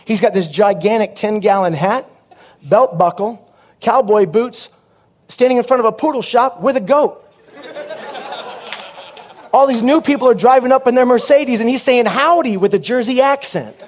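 A man preaching a sermon as a comic story, punchy and animated, with quick asides to the crowd. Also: very high-pitched.

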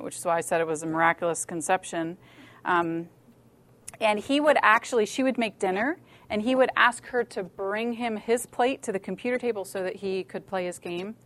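A middle-aged woman giving a lively, joking and direct talk to young women at a church. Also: mid-range voice. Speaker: women's ministry speaker. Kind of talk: talk to a church youth group.

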